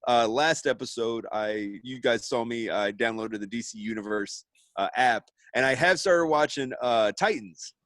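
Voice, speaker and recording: A man's voice: medium pitch, normal speed, fairly bright tone, dry recording. A man co-hosting a casual podcast chat, rambling with stammering restarts and frequent laughs. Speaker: podcast co-host.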